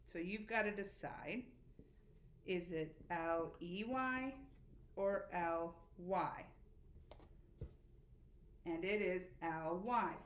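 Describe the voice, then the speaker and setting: A woman teacher giving a spelling lesson to children, patient and encouraging, slowly spelling letters out. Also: lowish voice. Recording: echoey room with faint background noise.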